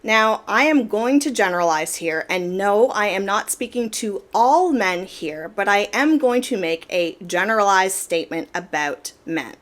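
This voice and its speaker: A woman's voice: mid-range voice, lively intonation, measured pace, hardly any pauses. A woman hosting an opinion commentary, explaining her points in a direct, casual way and stressing them by repeating words. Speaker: commentary channel host.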